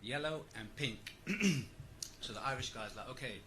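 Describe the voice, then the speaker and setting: A man's voice: medium pitch, animated, unhurried, noisy background. A man telling a joke in a played clip, laughing through his own punchline.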